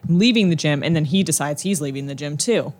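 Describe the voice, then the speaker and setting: Young woman, casual podcast chat, lively storytelling, lowish pitch. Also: quick pace. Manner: chatty, animated retelling with fillers. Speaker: podcast co-host.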